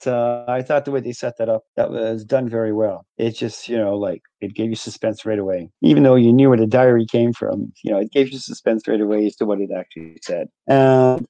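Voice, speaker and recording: A man's voice: mid-range voice, a little fast, few pauses, mellow, no room sound. A man as a podcast guest chatting casually about a film, rambling and chuckling often. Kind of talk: casual movie review chat. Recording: dull, dry lo-fi sound.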